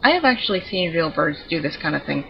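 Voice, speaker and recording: A woman's voice: low-pitched, big pitch swings, fast talker, vocal fry, muffled recording, a little hiss or hum. A woman giving chatty, digressive commentary while showing off her pets in a video game. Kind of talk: casual gameplay commentary.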